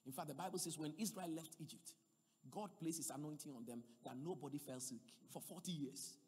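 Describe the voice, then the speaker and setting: A man preaching a sermon, swinging between loud emphatic passages and quiet asides. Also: on the high side, a little fast, slightly rough, big-room sound.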